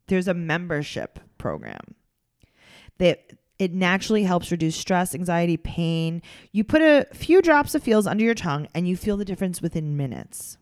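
A woman's voice: on the low side, sing-song, normal speed, darkish tone, clear, resonant tone, no echo, clean studio sound. Sarcastic woman co-hosting a chatty podcast. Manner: sarcastic, acts out quotes in mocking voices. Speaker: podcast co-host. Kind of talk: casual chat and reality TV recap.

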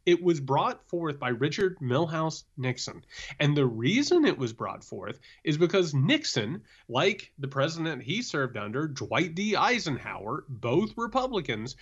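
A man co-hosting a political podcast, talking with a lively, swooping voice that ranges widely in pitch. He is impassioned and sarcastic, riding high on rants. The audio is dull and lo-fi. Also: measured pace, husky. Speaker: podcast co-host. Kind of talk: casual political chat.

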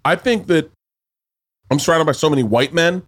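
A man's voice: on the high side, moderate pace. A man from the American South hosting a podcast, rambling and emphatic, swearing freely in casual chat. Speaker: podcast host.

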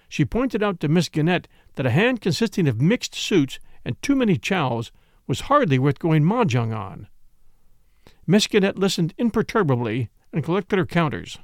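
A male audiobook reader narrating a mystery novel in a measured, expressive way. His voice is slightly raised and moves through a very wide pitch range. The sound is close and dry. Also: dry recording.

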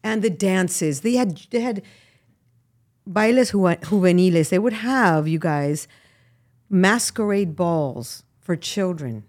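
A middle-aged woman from Miami, a guest actress, chatting casually in an interview and telling animated stories with frequent laughs. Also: on the low side, slow pace. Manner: animated storyteller, laughs often, lively asides.

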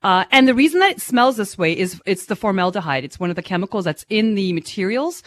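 A woman's voice: medium pitch, expressive, fast talker, no room sound. A female radio co-host chatting in an upbeat, playful way in the studio. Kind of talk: casual radio talk.

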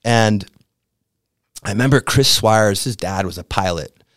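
A man in his fifties from the American Midwest, a podcast guest telling a story in a laid-back, slangy way that gets animated as it builds. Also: fairly low pitch, measured pace, no echo, studio quality. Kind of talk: casual storytelling.

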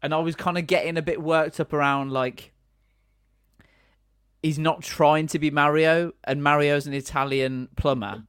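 A man's voice: fairly high pitch, steady tone, normal speed, fairly bright tone, clean tone, dry recording, studio quality. A man hosting a casual podcast chat, chatty and reading out viewer comments. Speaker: podcast host.

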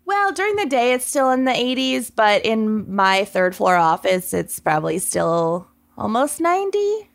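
A woman's voice: medium pitch, sing-song, unhurried, vocal fry, hardly any pauses. A woman co-hosting a podcast in casual chat, laughing often and swearing offhandedly. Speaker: podcast co-host.

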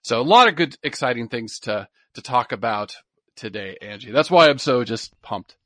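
A man, co-hosting a casual podcast. He talks with eager enthusiasm and repeats words in excited bursts. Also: mid-range voice, moderate pace, no room sound. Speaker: podcast co-host.

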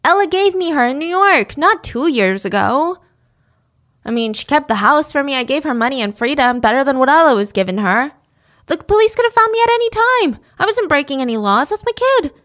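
A woman's voice: sits high, very animated, a little fast, fairly bright tone, pitched above the performer's own voice. A woman voicing a middle-aged male kidnapper, defiant and insistent as he lies. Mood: indignant.

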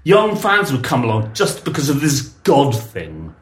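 A man hosts a relaxed conversation and reads archive press quotes with delight. His voice sits at an ordinary pitch and rings a little in a roomy space. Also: a little slow. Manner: enthusiastic, reads quotes with lively emphasis. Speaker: podcast host. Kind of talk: casual chat, reading archive excerpts aloud.

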